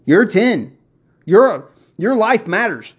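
A man hosting a motivational podcast, preaching excitedly and working himself up as he talks. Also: high-pitched, slow, slightly rough. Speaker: podcast host. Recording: dull lo-fi recording.

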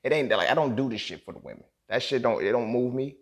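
A male podcast host vents in a solo monologue that is angry, emotional, emphatic, and profane, often checking in with "you feel me." He talks fast at a medium pitch with lively intonation.

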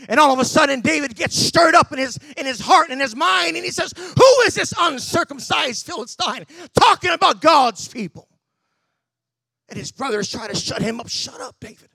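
A male pastor preaching a sermon in an emphatic style, with shouted bursts and many repeated words. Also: very high-pitched, gravelly, dry recording.

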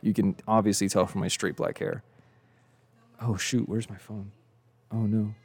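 A young podcast host of Mexican descent rambles through a casual solo episode, joking at his own expense and tired from too little sleep. His voice is lowish, steady, husky and slightly slow, with vocal fry.

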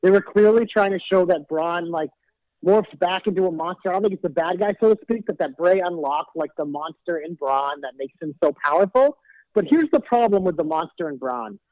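High-voiced man on a dull lo-fi mic. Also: expressive, brisk, darkish tone, no room sound. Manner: laid-back, candid, mildly profane. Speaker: podcast co-host. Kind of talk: casual wrestling chat.

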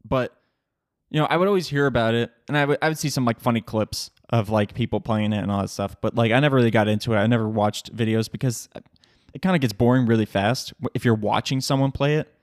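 A man's voice: mid-range voice, fast, dry recording, studio quality. A young man hosting a casual solo podcast, rambling with swearing and frequent laughter, recorded at home on a podcast mic. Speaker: podcast host. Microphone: podcast microphone.

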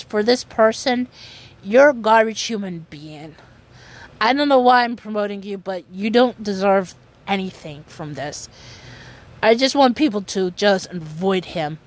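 Slow, earnest woman vlogger, halting. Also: mid-range voice. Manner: earnest, halting, with frequent restarts. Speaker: commentary vlogger. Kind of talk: casual commentary on online news.

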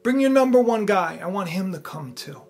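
A preacher acts out a young queen who speaks politely while hiding her plan. The voice stays gracious and husky. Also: medium pitch, animated, normal speed.

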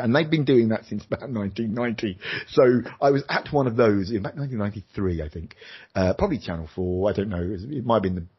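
Husky man telling his story. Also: a little fast. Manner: animated, jumps into high voices for quoted lines. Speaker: interview guest, former TV presenter. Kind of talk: candid personal storytelling. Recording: slightly dull lo-fi sound.

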